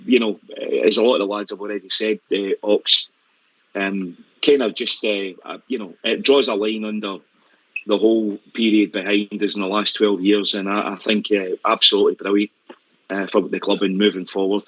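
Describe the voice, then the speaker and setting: Low-voiced Scottish caller, halting. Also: male voice, little pitch movement, a bit bright. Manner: hesitant, full of fillers, wry. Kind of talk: casual football phone-in chat. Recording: dull lo-fi line.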